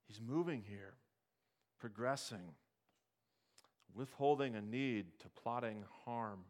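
A man's voice: mid-range voice, slow pace, pauses often, darkish tone. Storytelling preacher man addressing his congregation. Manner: storytelling preacher, asks the congregation questions, acts out the story's characters. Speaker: pastor. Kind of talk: sermon.

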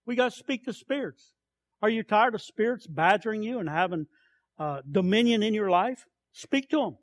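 A man preaching a sermon with passion, declaiming scripture and then dropping to soft, quiet asides. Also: high voice, animated, normal speed, no room sound.

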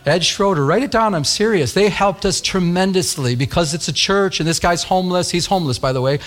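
A male pastor preaching in a storytelling sermon, his voice sitting a bit higher than most men's. He talks earnestly and conversationally and gets animated as he tells the story. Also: a little fast.

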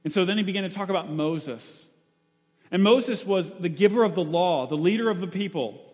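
A male preacher delivering a sermon in a loose, conversational way, often pausing and restarting. His voice sits a bit higher than most men's, and a long reverb tail trails every phrase in a church hall. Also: darkish tone. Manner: conversational, with frequent fillers and restarts.

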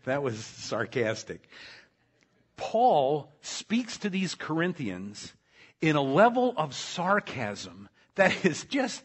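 A man preaching a sermon to his congregation, swinging between loud emphatic lines and soft quiet ones and talking directly to the people in front of him. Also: a little high, very animated, slow pace, breathy edge. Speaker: pastor.

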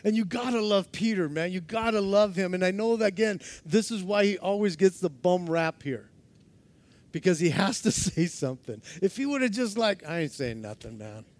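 A man preaching a sermon as pastor, laughing often and acting out quotes, moving from loud to hushed. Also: high-pitched, normal speed.

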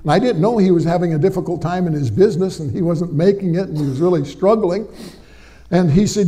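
A middle-aged preacher, a man with a fairly high but deeply mellow, dark-toned voice, delivers a sermon to his congregation. He talks in a folksy, conversational way, sprinkling in amens and little tag questions like he is chatting with old friends from the pulpit. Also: quick pace. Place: church before a live congregation.

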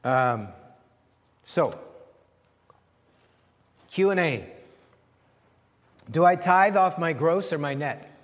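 A man pastor giving a conversational sermon with questions and answers, animated and repeating phrases as he searches for words. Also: a little high, drawn-out words, long pauses, in a large hall.

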